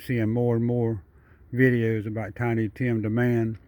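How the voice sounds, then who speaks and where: A man's voice: mid-range voice, little pitch movement, unhurried, darkish tone. A man narrating a casual vlog outdoors at night, chatty and repetitive, talking straight to the animal while holding the camera. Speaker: wildlife video maker. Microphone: handheld camera.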